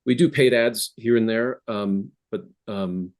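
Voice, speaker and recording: Casting: low-pitched man, founder guest, halting, restarts often, home-office video call. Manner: hesitant, many restarts and fillers. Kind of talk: casual interview conversation.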